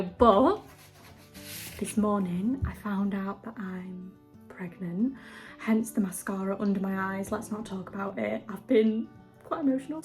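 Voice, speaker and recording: A young woman talks straight into a camera mic in a chatty video-diary way. She is bubbly and gushing, laughing between words, with faint music in the background. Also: mid-range voice. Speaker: lifestyle vlogger.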